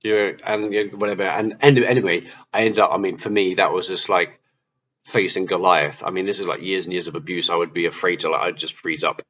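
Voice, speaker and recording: A man's voice: sits low, fast. A man vlogger telling a personal testimony story, acting out his own past lines as he goes. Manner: animated, acts out his own past dialogue. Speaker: Christian vlogger. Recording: slightly dull audio with faint hiss.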